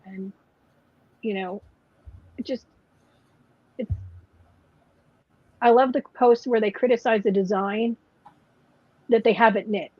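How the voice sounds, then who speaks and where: A woman's voice: on the high side, steady tone, takes it slowly, pauses often, breathy edge, no room sound. Rambling woman, dull lo-fi sound. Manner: rambling, many "like" and "you know" fillers. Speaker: podcast co-host. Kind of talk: casual chat. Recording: dull lo-fi podcast audio.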